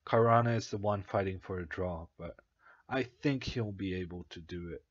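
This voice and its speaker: A young Norwegian man, a native Norwegian speaker, casually commentates chess on a stream. He thinks aloud hesitantly with plenty of uhs and ums. His voice is low-pitched and husky at a moderate pace, and the recording is dry and muffled.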